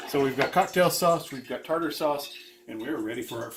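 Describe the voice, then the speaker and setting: A man's voice: medium pitch, fairly quick, noisy background. A man co-hosting a jokey home cooking demonstration, repeating each step in a goofy play-by-play. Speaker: cooking show co-host. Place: home kitchen. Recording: clatter of dishes in a kitchen.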